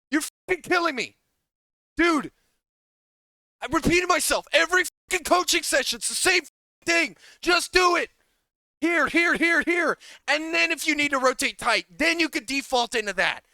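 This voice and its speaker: A man's voice: very high voice, vocal fry, bright, forceful tone, no echo. A man coaching players, ranting in an exasperated way, swearing and repeating himself. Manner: profane, exasperated, rapid repetitive ranting. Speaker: game coach. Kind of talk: coaching session rant.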